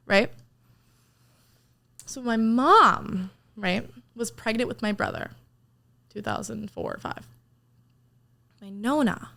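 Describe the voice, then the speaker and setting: Chatty young woman, rambling and animated. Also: medium pitch, gravelly. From New Jersey, USA. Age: young adult. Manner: rambling storyteller, frequent "like", swears casually. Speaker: podcast guest. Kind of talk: casual chat.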